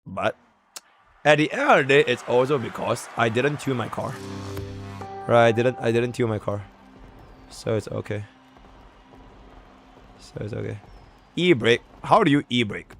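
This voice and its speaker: A man live-streaming a racing game, talking to chat in excitable, swearing commentary. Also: mid-range voice, a little slow, long pauses, soft background music. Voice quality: excitable, swings from yelling to muttering.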